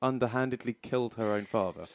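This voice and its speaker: A man's voice: mid-range voice, fast, dry recording, studio quality. A man co-hosting a podcast, chatting about a film in a jokey way, laughing often and wandering into tangents. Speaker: podcast co-host. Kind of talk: casual film review chat.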